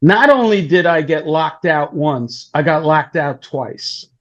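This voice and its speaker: Male guest storyteller, animated, voices the characters, slightly high pitch, dull recording. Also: measured pace. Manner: animated, acts out quoted voices. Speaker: guest storyteller, talent manager. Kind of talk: casual anecdote telling.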